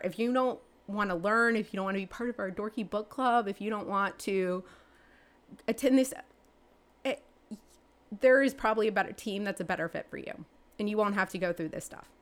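A woman, answering interview questions in a chatty way, with many fillers and restarts, her pitch jumping up when she gets excited. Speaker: real estate agent and team leader.

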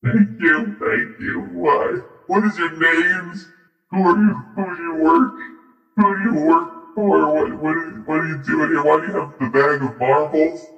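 A man voicing a huge, ancient elephant-like creature that speaks in a slow, halting, confused way. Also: fairly even intonation, pushed and bright, roomy sound, long reverb tail, far from the mic, lo-fi sound. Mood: bewildered. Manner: halting, bewildered, deep-voiced. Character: giant ancient elephant-folk Loxodon, lost and weepy.

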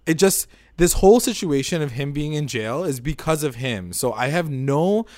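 A man's voice: on the high side, animated, moderate pace, a little mellow, dry recording. A man co-hosting a casual recap chat, rambling and opinionated, filling his talk with "like". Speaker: podcast co-host.

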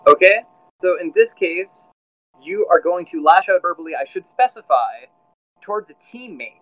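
A man's voice: sits high, very animated, normal speed, narrow, tinny audio. A man narrating as game master of a tabletop role-playing game, telling the story with many fillers and restarts.

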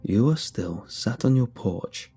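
Man voicing an ancient calm dog-dwelling mold. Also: husky, soft background music. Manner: slow, low, measured.

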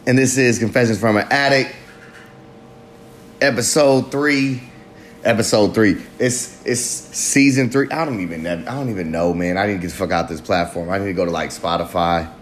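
Guy ranting solo on his podcast, cussing a lot, loud then mumbly, roomy echo. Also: normal speed, slight background noise. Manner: profane, rambling, swings between loud and low mutters. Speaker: podcast host. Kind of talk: casual monologue podcast.

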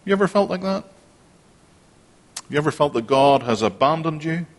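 A man's voice: fairly high pitch, lively intonation, normal speed. A man preaching a sermon, earnest and repeating phrases for emphasis. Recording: long hall reverb.

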